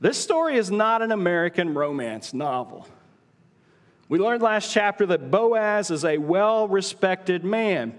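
High-voiced preacher in a reverberant church hall. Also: male voice, sing-song. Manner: storytelling preacher, dramatic pauses, voices inner thoughts. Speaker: pastor. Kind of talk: sermon. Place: church auditorium.

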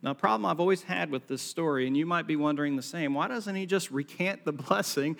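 A man's voice: on the high side, fast, gravelly, few pauses, fairly bright tone. A man preaching a sermon to a congregation, telling the story with acted-out lines and jokey asides. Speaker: pastor. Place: large hall with a live congregation. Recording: long hall reverb.

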